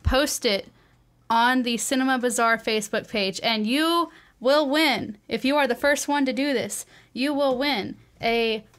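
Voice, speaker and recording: A woman runs a casual radio talk show, her voice sitting a little high. She chats in a playful way and draws out words when she wants to make a point. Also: a bit bright. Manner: chatty, playful, drawn-out emphasis.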